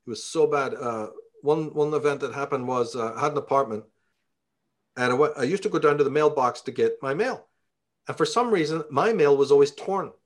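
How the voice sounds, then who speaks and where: A man's voice: fairly high pitch, fairly quick. Fiery Belfast-accented man, swearing. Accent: Northern Irish (Belfast). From Belfast, Northern Ireland. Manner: profane, heated ranting. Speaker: interviewee. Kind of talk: casual storytelling.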